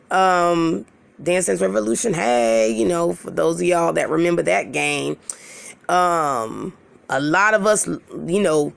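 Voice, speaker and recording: A woman in her thirties telling a story to her viewers in a casual, profane, animated way. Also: lowish voice, creaky. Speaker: storytelling vlogger.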